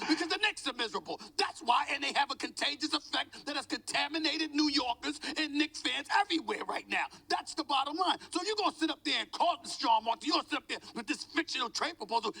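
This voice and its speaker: Loud, bright-voiced ranting man. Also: very high voice. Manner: animated, ranting, emphatic. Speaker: sports analyst. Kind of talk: heated sports debate.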